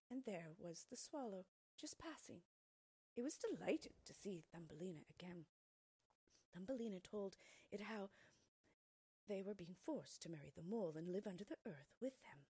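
A woman reading a fairy tale aloud in an expressive way, often dropping to a soft near-whisper, in a husky voice, recorded on a close mic. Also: fairly low pitch, normal speed, long pauses, dry recording. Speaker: storyteller.

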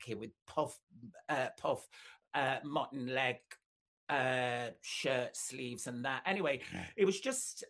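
An older woman, a singer telling long anecdotes in an interview, full of fillers and sudden jumps up in pitch. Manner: rambling storyteller, many fillers, camp asides, pitch leaps up when excited.

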